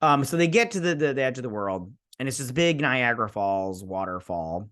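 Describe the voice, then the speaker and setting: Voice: medium pitch, animated, brisk, fairly bright tone. A host giving a casual, sarcastic recap and review of a TV episode, rambling with many fillers.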